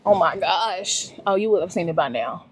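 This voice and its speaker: A woman's voice: lowish voice, expressive, moderate pace, a little hiss or hum. Chatty woman vlogging alone. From Louisiana, US. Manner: chatty, emotional, talks to herself. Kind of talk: casual solo travel vlog. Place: in a car and a restaurant.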